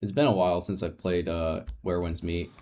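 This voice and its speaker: A young man chatting casually on a live gaming stream, soft-spoken and rambling, with frequent restarts and light laughs. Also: sits low, fairly even intonation, moderate pace.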